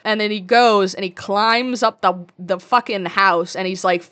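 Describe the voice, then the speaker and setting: A young woman in her twenties tears through a movie recap on a casual podcast. She is crude and sarcastic, swears constantly, and talks at an everyday mid pitch for a woman. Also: a little slow, few pauses, fairly bright tone. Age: 20s. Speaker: podcast co-host.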